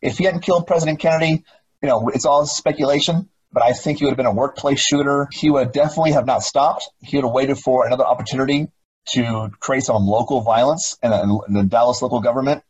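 Husky-voiced man, emphatic interview guest. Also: medium pitch, fast, dull audio. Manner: emphatic, repeats words and rhetorical questions. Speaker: guest author, former police officer. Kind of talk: interview conversation.

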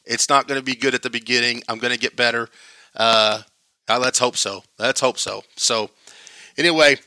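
Guy hosting a solo podcast, casual and rambling, mid pitch, crisp dry close-mic sound. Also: steady tone, moderate pace, pushed and bright, dry recording. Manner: rambling, loose and self-deprecating with many fillers. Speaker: podcast host.

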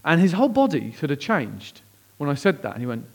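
Man, pastor, sermon storytelling, slightly high voice, hushed then excited, lively delivery. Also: gravelly. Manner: animated, acts out quoted voices with big pitch jumps; drops to hushed, slow tones at emotional moments.

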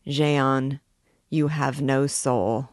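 Stern middle-aged churchman, read by a woman, low and grave. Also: fairly even intonation, very slow, dry recording, studio quality, exaggerated voice. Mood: warning. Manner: grave, admonishing. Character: stern gloomy middle-aged male archdeacon.

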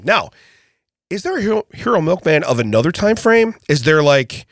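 A man's voice: sits high, a little fast, no room sound. An older man co-hosting a casual comedic podcast in a studio, telling stories and laughing often. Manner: animated storytelling, laughs often. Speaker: podcast co-host.

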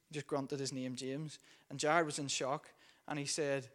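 A man's voice: medium pitch, flat delivery, a little slow, fairly bright tone. A man preaching a sermon, telling a story in a conversational way with frequent fillers. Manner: conversational, many fillers while recounting a story.

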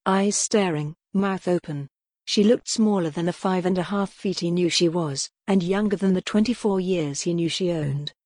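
A woman narrating a gothic novel in a steady, measured audiobook reading. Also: lowish voice, dry recording, studio quality.

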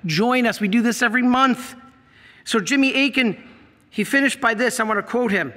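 A middle-aged man preaching from the pulpit with an unusually high, bright and forceful voice. He presses his points hard and fires questions out at the congregation, and his words ring on in the long reverb of a church. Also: normal speed. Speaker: priest. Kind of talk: sermon.

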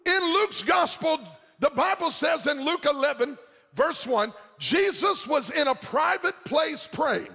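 A male pastor preaching a sermon, shouting in a sing-song cadence and calling out questions to the congregation. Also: very high-pitched, expressive, a little slow, gravelly. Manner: call-and-response questions to the congregation. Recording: reverberant hall with music behind.

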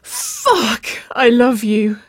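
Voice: mid-range voice, takes it slowly, slightly rough, no room sound, clean studio sound. A reader voicing a desperate young woman in love, breathless and pleading, slipping into whispers.

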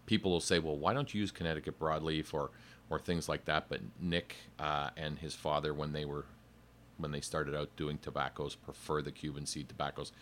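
A man's voice: very deep voice, level tone, a little fast, fairly bright tone, a little hiss or hum. A man who is a cigar company sales rep, explaining in detail in a playful, casual podcast chat.

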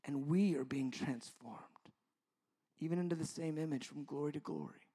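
A man in his fifties preaching a sermon as a pastor, moving from loud, drawn-out emphasis to hushed, near-whispered lines. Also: fairly high pitch, slightly rough. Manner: slow, drawn-out stresses on key words.

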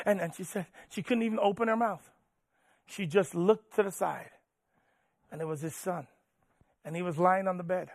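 Pastor, male, high voice, dynamic preacher who drops to a hush for stories, dry close mic. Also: lively intonation, normal speed, creaky, dry recording. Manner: preaching with swells from loud urging to hushed storytelling. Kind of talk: sermon.

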